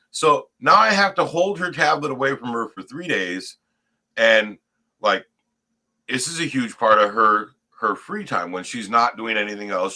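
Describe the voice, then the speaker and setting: A middle-aged man telling a story in casual chat, profane and animated, tagging lines with "right?". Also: medium pitch.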